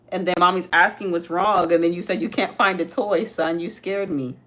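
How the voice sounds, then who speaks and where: A young woman hosts a casual livestream, chatting with viewers as she does her makeup and talking with her child. Her voice is fairly low and fairly bright, moving at normal speed with hardly any pauses.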